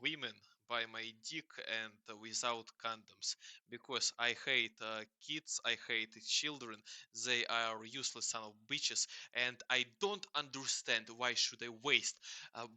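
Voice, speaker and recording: A man chatting casually with hesitant, halting speech full of fillers and repeats. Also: medium pitch, fairly even intonation, bright, forceful tone, clear, resonant tone, no echo. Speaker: host questioning a chatbot. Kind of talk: casual chat.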